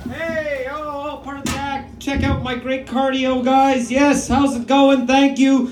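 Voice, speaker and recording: A man's voice: very high voice, little pitch movement, measured pace, roomy sound, background noise. A man, doing a self-mocking, rambling stand-up set on a comedy club stage. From Canada. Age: 40s.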